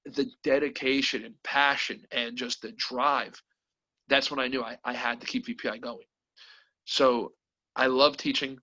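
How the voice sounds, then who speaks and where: Brief: bright-voiced man, candid and animated storyteller, lo-fi video call. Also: medium pitch. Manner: animated, emotional, quotes others with voices. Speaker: company president, guest.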